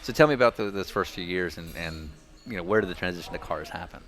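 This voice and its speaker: Male co-host, low voice, jokey, asks the questions. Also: quick pace, fairly bright tone, faint music behind. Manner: joking, interviewer questions. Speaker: podcast co-host. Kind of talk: casual dinner chat.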